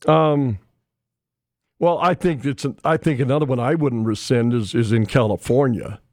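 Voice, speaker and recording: A man's voice: mid-range voice, normal speed, dry recording, clean studio sound. A man co-hosting a talk radio show in casual, jokey banter full of restarts. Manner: jokey, animated, trailing restarts. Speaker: radio co-host.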